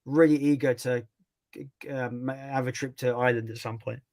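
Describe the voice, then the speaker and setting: A man's voice: medium pitch, steady tone, moderate pace, darkish tone. A man hosting a casual livestream chat, swearing freely and laughing often. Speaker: channel host.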